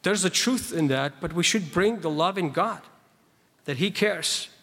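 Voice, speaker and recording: A man's voice: sits high, animated, a little slow, a bit bright. Man preaching in a reverberant hall. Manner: emphatic, reads and explains scripture verses; conversational asides to the congregation. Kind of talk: sermon. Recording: long reverb of a large hall.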